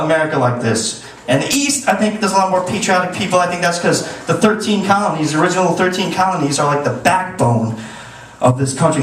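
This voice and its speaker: A man's voice: sits high, distant mic. A man doing a crude stand-up set in a comedy club, rambling with restarts. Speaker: stand-up comic. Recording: echoey club recorded from afar.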